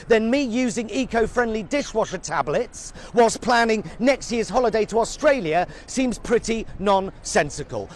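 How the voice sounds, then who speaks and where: A man's voice: high voice, slight background noise. A middle-aged British man ranting sarcastically as a satirical news reporter, swearing freely and sounding exasperated, outdoors at a street protest. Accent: British English. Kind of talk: scripted satirical rant to camera.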